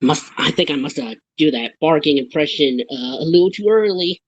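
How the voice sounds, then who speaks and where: Brief: playful woman, wide pitch swings, um-filled chatter. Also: normal speed, breathy edge, dry recording. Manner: excitable, playful, hesitant fillers. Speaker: stream guest. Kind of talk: casual chat.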